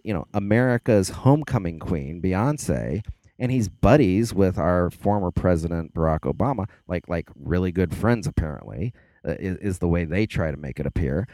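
A man talking as a podcast guest in casual chat, sarcastic and animated, laughing often. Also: low voice, normal speed, no echo.

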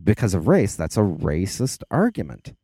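A man talking as a podcast guest in casual chat, sarcastic and animated, laughing often. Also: low voice, normal speed, breathy edge, no room sound.

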